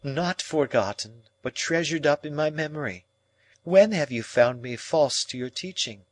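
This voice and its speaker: A man's voice: a little high, expressive, no echo, voice pushed up. A man voicing a cold, proud young woman. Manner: measured, coolly reasoning.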